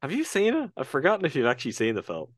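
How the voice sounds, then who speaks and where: A man's voice: medium pitch, huge pitch swings, very fast, dry recording, studio quality. A man with an Irish accent, co-hosting a casual film review podcast and retelling a film with earnest, thoughtful hesitations. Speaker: podcast co-host reviewing films.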